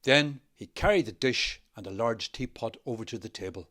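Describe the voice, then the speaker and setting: A man with a Northern Irish accent, an actor reading a novel aloud in a measured, expressive way. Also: medium pitch. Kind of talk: literary reading.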